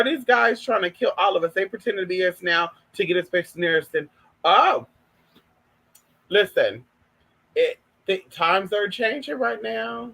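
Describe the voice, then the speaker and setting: A woman's voice: mid-range voice, a bit bright, husky. A woman from California, sassy, chatting casually to viewers on her live stream and calling everyone honey.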